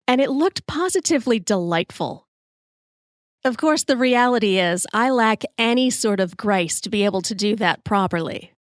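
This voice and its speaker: A woman in her forties hosting a solo storytelling podcast, wry, expressive and self-deprecating. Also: medium pitch, dry recording, clean studio sound. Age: 40s. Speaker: podcast host.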